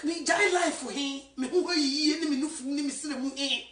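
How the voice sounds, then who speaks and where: Woman preaching hard, high bright voice, recorded from a distance. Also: moderate pace. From Ghana. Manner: fervent, swings from shouting to hushed. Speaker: evangelist. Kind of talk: impassioned sermon. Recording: echoey room, voice from afar.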